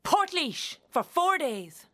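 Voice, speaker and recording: A woman's voice: mid-range voice, moderate pace, lightly acted. An actress with an Irish accent performing a theatrical monologue as a young Irish woman who speaks in an earthy, wry and blunt way and swears freely.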